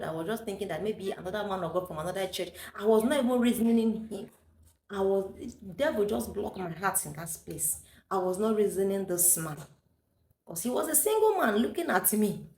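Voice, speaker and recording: A woman's voice: mid-range voice, a little mellow, reverberant. A woman with a Nigerian accent, a vlogger chatting through a personal story, slipping into Pidgin English and laughing often.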